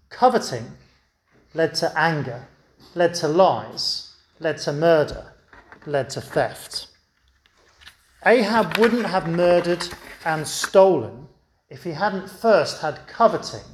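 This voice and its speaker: High-voiced preacher in an echoey church. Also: male voice. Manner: storytelling, asks the audience questions. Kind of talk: children's talk in a sermon.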